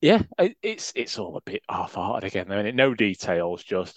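A man co-hosting a podcast in casual chat, quick-witted and self-mocking, laughing often. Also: on the low side, animated, no echo, highs cut off. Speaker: podcast co-host.

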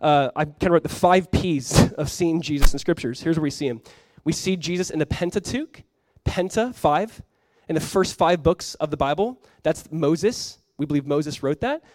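Male pastor, young, high voice, dry close sound, animated conversational sermon. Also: moderate pace, no echo. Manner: animated, conversational preaching with frequent "like".

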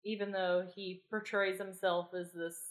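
A woman's voice: mid-range voice, level tone, normal speed. A woman co-hosting a podcast, chatting casually and eagerly recapping a TV episode. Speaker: podcast co-host.

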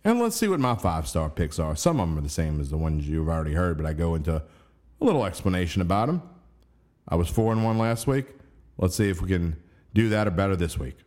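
A man's voice: sits low, very animated, quick pace, darkish tone. A man hosting a sports radio show, chatting casually and talking through his game picks. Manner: conversational, hedging, talks through game picks.

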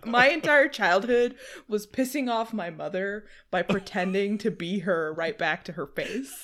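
A young woman co-hosting a podcast, an animated storyteller who mimics voices and laughs often. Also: medium pitch, measured pace, a little hiss or hum. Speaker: podcast co-host. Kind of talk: casual chat.

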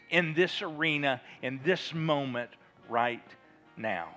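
Slow, bright-voiced pastor. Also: male voice, on the high side, faint music behind. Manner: leads congregation in call-and-response and prayer; slow, emphatic delivery that swells to loud fervor. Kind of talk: sermon.

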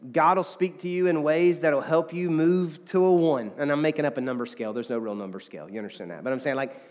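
A fairly high-voiced man preaches to his congregation in an earnest, conversational way, often restarting sentences and slipping into little acted-out quotes. His voice rings out with a long hall reverb, as in a church sanctuary. He sounds like a pastor talking straight to his people. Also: quick pace, a little mellow. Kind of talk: sermon.

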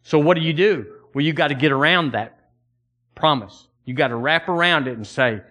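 A man preaching a sermon in a folksy, conversational way, his voice sitting a little high. He repeats words as he works toward a point and slips into old-fashioned scripture phrasing. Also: normal speed, sharp tone. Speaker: pastor.

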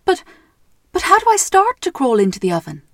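A woman's voice: very high voice, wildly swooping pitch, a little fast, no room sound, clean studio sound, voice pushed up, exaggerated voice. An Irish woman voicing a timid, frightened little girl in a storybook reading. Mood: nervous. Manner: stammering, hesitant.

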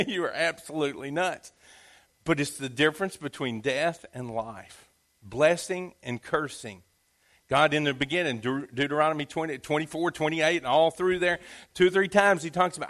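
A man's voice: a little high, normal speed, fairly bright tone. A man preaching a sermon in a folksy, conversational storytelling manner. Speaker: pastor.

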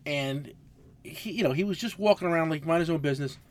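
A man in his forties co-hosting a casual podcast, telling loud, profane stories. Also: fairly high pitch, fast. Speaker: podcast co-host, mechanic.

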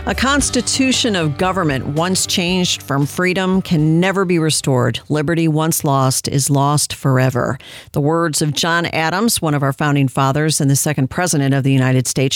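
A woman's voice: low voice, dry recording. A woman hosting a talk radio show, giving sarcastic, combative commentary from a studio. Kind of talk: opinionated commentary.

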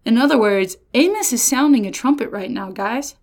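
A woman giving a casual Bible lesson, retelling stories in lively slang with playful voices. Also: on the high side, moderate pace, few pauses. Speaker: Bible teacher.

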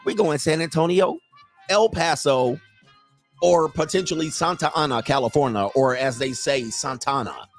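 A man hosting a casual live commentary stream, loud and joking, with slangy asides and drawn-out exclamations. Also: on the high side, faint music behind. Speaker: livestream commentary host.

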